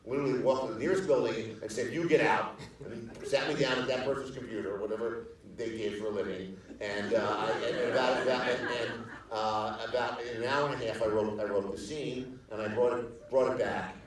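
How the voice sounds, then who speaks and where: A man's voice: mid-range voice, fairly even intonation, brisk, few pauses, crowd noise. An older male screenwriter telling rambling behind-the-scenes anecdotes at a live theater Q&A, full of restarts and fillers, acting out other people's lines. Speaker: screenwriter and producer guest on a panel. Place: theater stage in front of an audience. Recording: echoey theater hall, distant mic.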